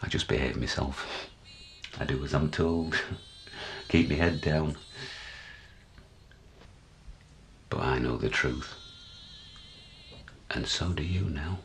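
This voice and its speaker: An actor playing a deluded, paranoid older man, confiding and jumpy, swinging from hushed to shouting, in a dramatic stage monologue. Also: a bass voice, slow pace, vocal fry, long pauses, a little hiss or hum, heavily acted. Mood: secretive.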